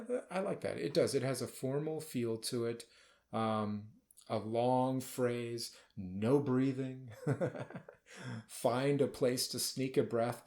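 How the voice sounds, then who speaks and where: A man's voice: medium pitch, darkish tone. A man leading a band rehearsal, calling out cues and explaining the music between passages. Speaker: band director. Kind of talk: rehearsal instruction over a recording. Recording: music playing underneath. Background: band music playing.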